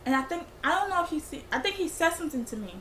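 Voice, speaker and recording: A woman's voice: very high voice, expressive, very fast, a bit bright, a little hiss or hum. A young woman telling a rambling, slangy storytime for her vlog. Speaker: vlogger. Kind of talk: casual storytime.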